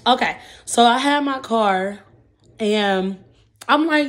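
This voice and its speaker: A woman in her twenties telling a rambling story in a casual vlog, full of fillers, eating between sentences. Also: a little slow. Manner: chatty and rambling, with many fillers like "okay, boom". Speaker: vlogger.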